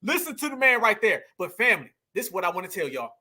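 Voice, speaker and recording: A man hosting a livestream, delivering animated, profane ranting commentary straight to his audience. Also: high voice, fast. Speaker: livestream host.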